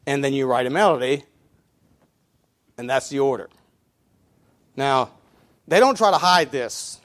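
A middle-aged man preaching a sermon as pastor, talking conversationally with many fillers and restarts, counting out beats aloud. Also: fairly high pitch. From Mennonite community.

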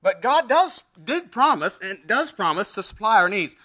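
A male pastor preaching a sermon, reading scripture aloud and swinging between emphatic rises and quiet, dropped endings. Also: high-pitched, sing-song, moderate pace. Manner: preaching with scripture readings in King James wording.

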